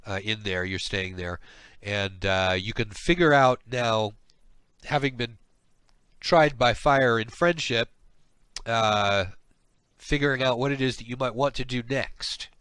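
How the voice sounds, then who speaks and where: A man narrating a tabletop game as game master, stumbling along with plenty of "uh"s as he thinks aloud. His voice is bright and forward, recorded dry and close with no room sound. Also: mid-range voice, fairly even intonation, unhurried, smooth, dry recording. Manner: rambling, hesitant, lots of uh.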